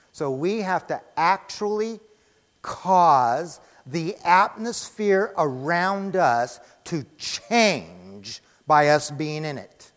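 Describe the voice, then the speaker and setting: A high-voiced male preacher delivers an emphatic sermon, firing off rhetorical questions and answering them himself. His voice rings out with a long reverb tail through the church sanctuary. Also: fairly bright tone.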